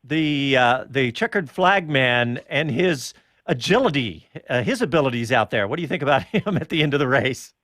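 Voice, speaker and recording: A man hosting a casual motorsport chat show, talking in an animated, chatty way and laughing often. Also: medium pitch, moderate pace, dry recording, studio quality. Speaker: show host.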